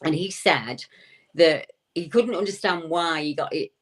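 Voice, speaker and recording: A woman with a deep, low-set voice tells a story as an interview guest. She relays a witness's account in a conversational way and slips into his quoted words to act them out. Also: unhurried. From United Kingdom. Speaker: guest recounting a witness's encounter.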